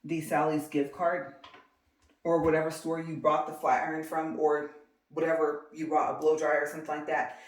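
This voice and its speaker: A woman chatting in a rambling, casual way about hair care for her vlog, with lots of fillers. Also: deep voice. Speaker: beauty vlogger. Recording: roomy echo.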